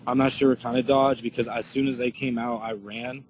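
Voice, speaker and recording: A man speaking at an ordinary middle pitch, telling what he saw in a loose, halting flow. He leans on "like" and "you know" and often restarts mid-sentence. Faint noise sits under his voice. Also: flat delivery, poor audio. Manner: halting, filler-heavy, lots of "like" and restarts; reads out and answers viewer questions. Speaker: eyewitness. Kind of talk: casual spoken account to viewers.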